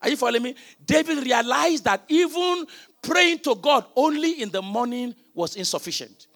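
A man preaching a sermon. He keeps asking the congregation questions and often breaks into shouted emphasis. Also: extremely high pitch, expressive, moderate pace.

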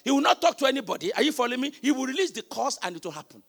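A male preacher with a very high, gravelly voice delivers a sermon with forceful, tense energy. He fires rhetorical questions at his listeners and rises into shouted emphasis. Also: sing-song, rapid-fire.

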